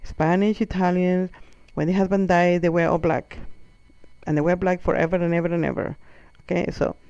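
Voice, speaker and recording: Here a high-voiced man speaks at normal speed on lo-fi audio with no echo. He's a comedian, not a native English speaker, doing a comic storytelling monologue that's animated and profane, with quoted voices acted out.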